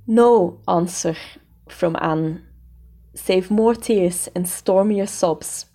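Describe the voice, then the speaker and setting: Woman narrator, storybook reading, measured, mellow, unhurried. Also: fairly low pitch. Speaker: audiobook narrator.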